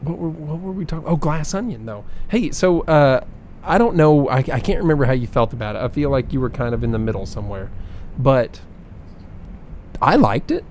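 A man's voice: medium pitch, animated, brisk, darkish tone, slight background noise. A man from the American South with a Southern accent, co-hosting a casual podcast and talking in a rambling way. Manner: chatty, rambling, mimics others. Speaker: podcast co-host. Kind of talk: casual chat.

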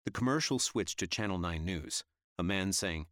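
A man reads a gritty novel aloud in a steady, measured way. His voice sits very low, and the recording is close and dry with no room sound. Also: dry recording. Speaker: audiobook narrator. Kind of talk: scripted narration.

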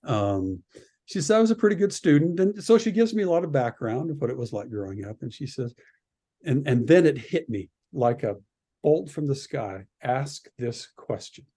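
A man from Canada, a radio producer and podcast guest, telling an animated story and acting out the voices of the people in it. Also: medium pitch, normal speed, slightly rough. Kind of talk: animated anecdote in a podcast interview.

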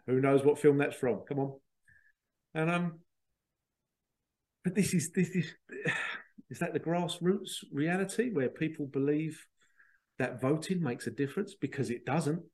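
A podcast host with a medium-pitched, darkish male voice talks a little slowly with long pauses. His casual monologue rambles and digresses, and he mocks other people using put-on voices.

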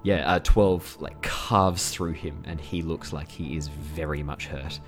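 A man runs a tabletop game as game master in a very deep voice. He talks in a relaxed, hesitant way, full of fillers and chuckles. Clear background music plays under him. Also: measured pace.

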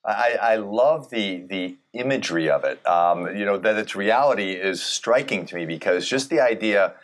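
A man's voice: fairly low pitch, expressive, normal speed. A man interviewing a guest, thoughtful and curious, often restarting as he searches for words. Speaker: interviewer, a doctor. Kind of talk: conversational interview.

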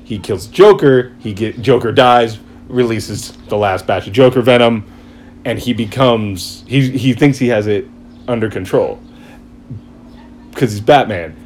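Excitable, swearing male storyteller. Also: lowish voice, a little slow, a little hiss or hum. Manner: excited rambling storytelling, swears, acts out quotes. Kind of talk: casual chat.

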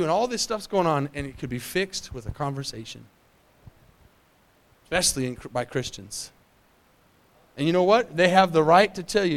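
A man preaching a sermon as pastor, conversational and joking, asking the congregation questions, with repeats and quiet asides. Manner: repeats and restarts, drops to low asides.

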